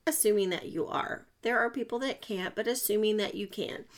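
A woman hosting a motivational podcast, chatty and self-mocking, with sudden loud bursts. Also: mid-range voice, a little fast. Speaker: podcast host and coach.

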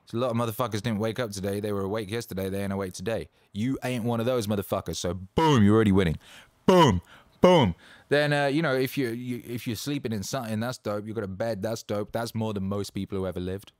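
A man hosting a casual motivational monologue, swearing freely and rambling with bursts of excitement. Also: fairly low pitch, fast talker, hardly any pauses, dry recording, studio quality. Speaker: host.

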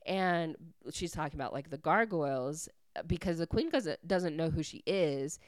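A woman's voice: low-pitched, moderate pace, no room sound, studio quality. Chatty young woman recapping a book. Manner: chatty, peppered with "like", excitable. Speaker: podcast host.

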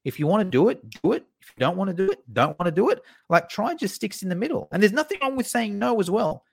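Animated man telling stories. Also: high-pitched, quick pace, vocal fry, husky. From Australia. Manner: animated, acts out quoted people in his stories. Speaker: podcast guest, fitness educator. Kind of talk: casual storytelling interview.

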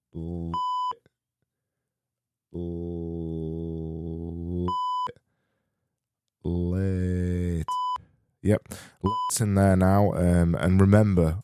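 A man with a South Yorkshire accent hosting a solo podcast, rambling and correcting himself with dry, deadpan humor. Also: low-pitched. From Barnsley, South Yorkshire. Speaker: podcast host.

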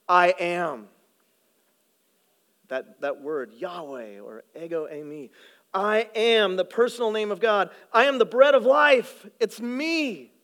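A male pastor preaching a sermon, swinging between loud emphasis and hushed, low delivery.

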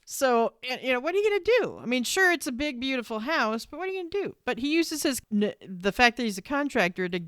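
A woman's voice: high voice, big pitch swings, fast, few pauses, a bit bright, dry recording, studio quality. A woman co-hosting a podcast in casual chat. She swears freely and acts out her own exasperated reactions. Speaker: podcast co-host.

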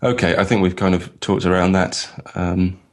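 A man's voice: sits low, fairly even intonation, moderate pace. A man co-hosting a podcast in a casual, rambling, self-mocking way, with many fillers and restarts. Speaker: podcast co-host.

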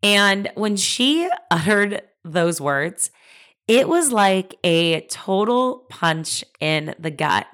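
A woman's voice: medium pitch, expressive, very slow, a bit bright. A young adult woman hosting her own podcast, telling a personal story in an earnest, confiding and emphatic way. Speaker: podcast host.

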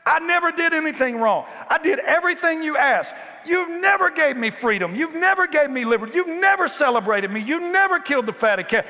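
A preacher shouting as a bitter eldest son. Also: male voice, expressive, a little fast, few pauses, long reverb tail, heavily acted. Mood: aggrieved. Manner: high-pitched shouting complaint. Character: resentful grown eldest son, bitter and aggrieved. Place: church.

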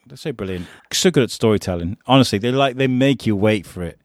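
Man, podcast host, casual chat, excited, swears, dry close sound. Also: on the low side, fast talker, dry recording. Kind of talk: casual chat about a TV show.

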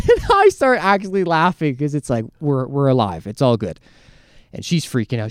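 A podcast co-host tells a story in casual chat, animated and crude, his voice a little high and his speed normal. The recording is dry, with clean studio sound.

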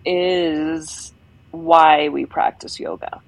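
A woman with a low voice co-hosts a podcast, thinking aloud in a reflective, rambling way full of fillers. The sound is dry and close, with no room around it. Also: fairly even intonation, drawn-out words, no room sound, poor audio. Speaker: podcast co-host. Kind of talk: unscripted casual conversation.

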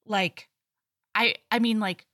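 A woman's voice: medium pitch, takes it slowly, dry recording, studio quality. A woman co-hosting a podcast, casually recapping a novel, acting out the characters' lines and swearing freely. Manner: animated storyteller acting out quotes, swears freely. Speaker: podcast co-host. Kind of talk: casual chat recapping a book.

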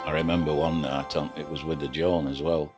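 A man's voice: very deep voice, flat delivery, a little fast, over loud music. An older man, a retired pilot boat skipper telling rambling anecdotes from his working days. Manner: rambling anecdotal storyteller with frequent restarts. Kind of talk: reminiscing oral history.

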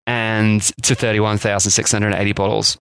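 A man's voice: lowish voice, flat delivery, normal speed, vocal fry, a bit bright, clean tone, no room sound. A man hosting a podcast, telling a history story in casual chat with jokey asides. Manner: chatty storyteller, jokey asides, mock voices for quotes. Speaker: podcast host.

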